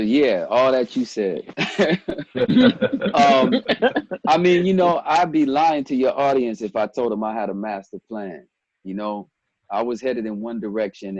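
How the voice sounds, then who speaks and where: A man in his forties from Ethiopia, a guest telling stories in a relaxed interview, animated and quick to quote others. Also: fairly low pitch, lo-fi sound. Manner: animated storyteller, breaks into quoted voices and laughs. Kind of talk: casual storytelling interview.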